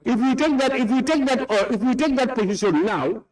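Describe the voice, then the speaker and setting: A man's voice: very high-pitched, animated, fairly quick, darkish tone, poor audio. A man with a Gambian English accent chairing a parliament session, stern and scolding, repeating himself as he presides over a heated debate. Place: parliament chamber.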